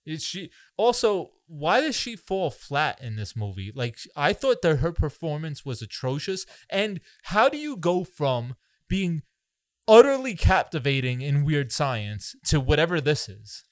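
Male podcast co-host, slightly high voice, dry close sound, incredulous riffing. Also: sing-song, a little slow, dry recording. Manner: incredulous, riffing on movie absurdities. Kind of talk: casual movie review chat.

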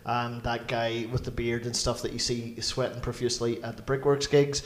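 A Northern Irish man in his forties hosts a loose comedy podcast. He laughs a lot, stumbles over names and keeps the chat rolling. His voice sits mid-pitch in a roomy, echoey space. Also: level tone, moderate pace. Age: 40s. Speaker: podcast host. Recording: roomy echo.

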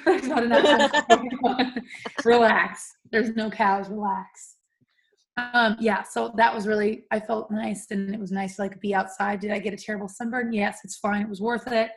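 A woman's voice: medium pitch, steady tone, moderate pace, a crowd in the background. A young woman from California co-hosting a podcast, chatting casually, laughing often and swearing freely. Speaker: podcast co-host. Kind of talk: casual chat.

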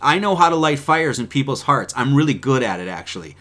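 A man preaching in a fiery, profane way, swinging between loud outbursts and quiet asides. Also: mid-range voice, sing-song, a little fast. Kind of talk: profane sermon-style talk.

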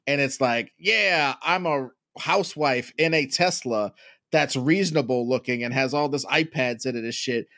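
A man's voice: medium pitch, normal speed, fairly bright tone, dry recording. Laid-back rambling man, dry close sound. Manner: rambling, profane, laughs often. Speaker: podcast co-host. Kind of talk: casual chat.

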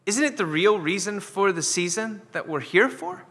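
A man's voice: high-pitched, lively intonation, normal speed, a bit bright, big-room sound. A man preaching an earnest sermon as pastor, often repeating words as he builds a point. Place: church sanctuary.

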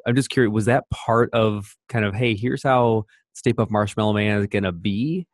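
A man's voice: lowish voice, fairly even intonation, normal speed, dry recording, clean studio sound. A man hosting an interview, asking long, rambling questions in a casual way. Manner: chatty, rambling questions full of fillers. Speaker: podcast host.

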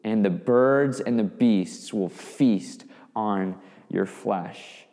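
A man's voice: lowish voice, extremely slow, dark tone. Man doing a taunting giant warrior. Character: mocking giant male warrior, menacing. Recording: long hall reverb.

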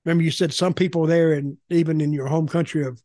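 A man's voice: on the high side, fairly even intonation, fast talker, mellow, dry recording, clean studio sound. An older man co-hosting a podcast, telling stories in casual chat and repeating words as he goes. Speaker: podcast co-host, former wrestling commentator.

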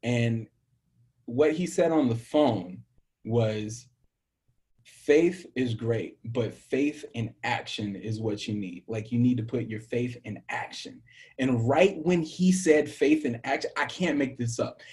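Young man from the American South, musician guest. Animated storyteller, middle pitch. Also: slow pace. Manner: animated storyteller, acts out quoted dialogue, laughs often. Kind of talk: storytelling interview.

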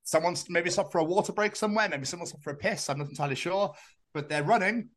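A man with a Scottish accent co-hosting a podcast, an animated storyteller who swears freely. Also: high voice, fast. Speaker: podcast co-host. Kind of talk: casual chat.

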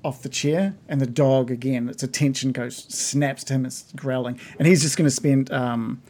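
A man narrating as game master of a tabletop game, halting with frequent ums and restarts. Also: mid-range voice, steady tone, dark tone. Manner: hesitant, many ums and restarts.

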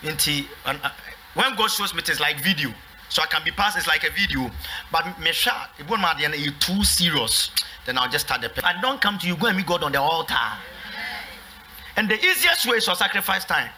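A man's voice: a little high, expressive, brisk, bright, forceful tone, a little hiss or hum. A man with a Ghanaian English accent, a pastor preaching in a church service with call-and-response. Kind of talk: sermon with testimonies.

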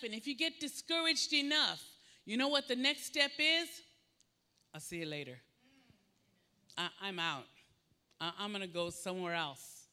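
A man's voice: very high voice, pushed and bright. A man preaching a sermon, emphatic and repetitive, swinging his voice up and down as he acts out what people say.

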